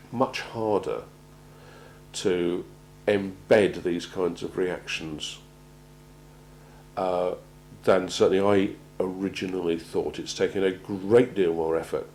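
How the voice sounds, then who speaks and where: Guy, quite deep voice, measured talk, lots of little restarts, faint hum behind. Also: a little mellow, low-quality recording. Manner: measured, halting, repeats words while finding them. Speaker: presenter on organisational crisis planning. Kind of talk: prepared talk to an audience.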